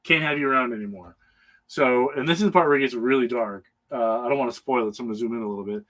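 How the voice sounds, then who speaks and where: A man at an everyday middle pitch casually recapping a comic book for a panel. He rambles, stumbles through hesitations and chuckles often as he goes. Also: rapid-fire, poor audio.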